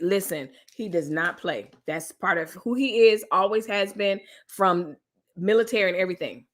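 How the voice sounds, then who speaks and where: A middle-aged woman chatting casually on a live stream, animated and joking as she reads viewer comments. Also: medium pitch, moderate pace.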